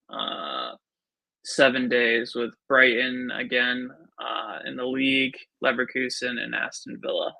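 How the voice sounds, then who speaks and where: Stream host guy, gravelly and kinda bright, reads chat comments with lots of uhs. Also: mid-range voice, no room sound, poor audio. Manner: steady, reads out viewer comments, filler-heavy. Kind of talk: live-stream football chat.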